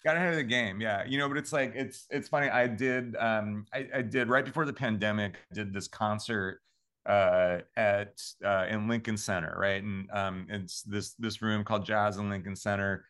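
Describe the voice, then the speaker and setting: A man's voice: lowish voice, steady tone, normal speed, a bit bright. A man, a composer, telling stories in a casual interview, rambling with lots of fillers and restarts. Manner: rambling, many fillers and restarts, laughs often. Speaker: composer and podcast guest.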